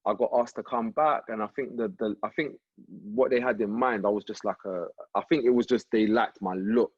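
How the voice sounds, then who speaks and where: A man, a podcast guest telling a story in a relaxed, slangy way, recorded with slightly muffled sound. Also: on the low side, fairly quick, slightly rough, no room sound. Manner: relaxed slangy anecdote telling, frequent "you get me". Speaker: rapper and actor guest. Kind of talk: casual storytelling interview.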